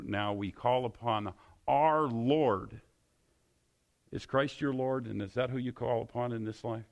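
A man's voice: medium pitch, vocal fry, a little mellow. A male pastor preaching a sermon, pressing his listeners with repeated, emphatic questions.

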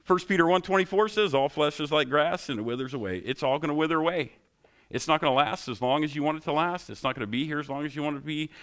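A man's voice: on the high side, quick pace, a bit bright. A middle-aged man, a pastor, giving a sermon in a conversational, joking style full of rhetorical questions.

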